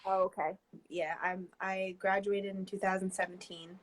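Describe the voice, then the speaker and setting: A woman's voice: mid-range voice, little pitch movement, poor audio. A woman in her twenties from New Jersey, with a New Jersey accent, chatting as a guest artist over a video call, hesitant and full of fillers. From New Jersey, USA. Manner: rambling, hesitant, many fillers and quick laughs. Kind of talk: casual chat.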